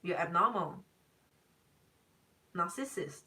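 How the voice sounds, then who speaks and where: A woman's voice: lowish voice, animated, takes it slowly, bright, forceful tone, recorded from a distance, rough recording. A young woman, a tarot reader, chatting casually on a live stream, emphatic and repeating herself.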